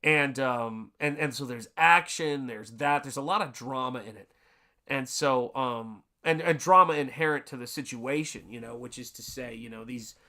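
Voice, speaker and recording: A man's voice: mid-range voice, moderate pace, pushed and bright. A man from Tennessee chatting casually on a live art stream, rambling through a story and greeting viewers in the chat. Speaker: livestreaming artist.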